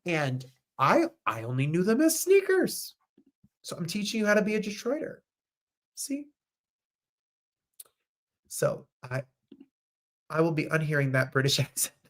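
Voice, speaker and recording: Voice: mid-range voice, huge pitch swings, a little slow, pauses often. A host from New Jersey with a New Jersey accent, chatting casually and reading viewer comments aloud.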